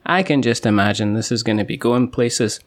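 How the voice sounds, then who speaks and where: Scottish man guesting on a casual podcast, deadpan jokey delivery. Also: mid-range voice, fairly quick. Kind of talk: casual chat.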